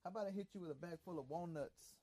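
A man's voice: high-pitched, quick pace, a crowd in the background. A man hosting a casual movie watch-along chat, rambling, teasing and swearing.

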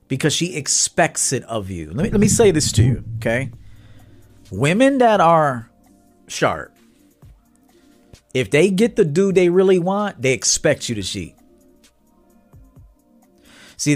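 Blunt swaggering man coaching a livestream. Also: mid-range voice. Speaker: dating coach. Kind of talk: livestream talk to viewers.

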